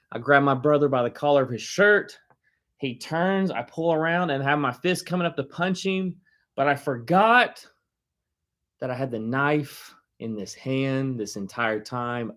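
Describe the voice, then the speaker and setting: Animated, casual male preacher telling a story. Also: medium pitch, a little slow. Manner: animated storyteller, chuckles often; casual, many "like" fillers. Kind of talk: conversational sermon.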